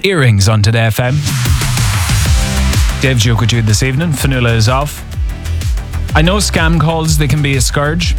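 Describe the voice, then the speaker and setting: A man's voice: medium pitch, normal speed, pauses often, soft background music. A man hosting an evening radio show, telling a wry story in a casual, chatty way. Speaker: radio host. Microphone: studio microphone.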